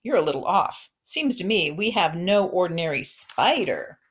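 A woman voicing a practical, skeptical middle-aged farm wife in a storybook reading, brisk and doubting. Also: lowish voice, very animated, slightly rough.

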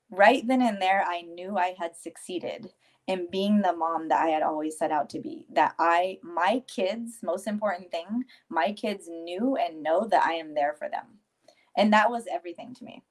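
A woman in her forties, a grieving mother as guest, telling a personal story in a tearful yet steady way and quoting others in lively voices. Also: lowish voice, normal speed.

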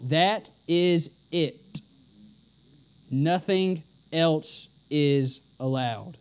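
Emphatic high-voiced male preacher. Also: extremely slow, smooth. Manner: emphatic, repeats lines for stress. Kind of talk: sermon.

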